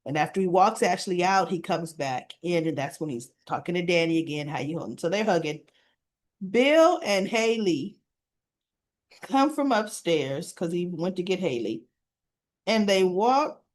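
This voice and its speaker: A woman's voice: fairly low pitch, expressive, a little slow. A woman casually retelling soap opera scenes to her viewers, chatty and informal. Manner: chatty storytelling, retelling scenes with quoted dialogue. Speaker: soap opera recap vlogger. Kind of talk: casual spoken episode recap.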